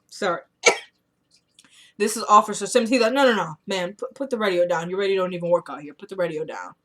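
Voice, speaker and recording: A woman talks through a recap of a TV drama episode in a relaxed, chatty way. She retells the scenes by voicing the characters' lines and breaks in with her own blunt opinions. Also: on the low side, racing, few pauses. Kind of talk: casual recap chat.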